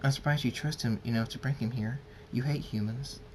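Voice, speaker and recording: A loyal female pegasus pony, soft and reassuring, as a man reads her aloud in his own voice. The pitch stays at a middling male level. It's a homemade storybook reading. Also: fairly even intonation, a little fast, a little hiss or hum, close to an everyday voice, rough recording. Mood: surprised.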